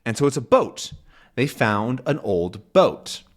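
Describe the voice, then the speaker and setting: Male language teacher for learners, unhurried, animated delivery, keeps rephrasing and checking understanding. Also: medium pitch. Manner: patient, repeats and rephrases, checks with "right?". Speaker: English teacher. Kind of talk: slow explanation for language learners.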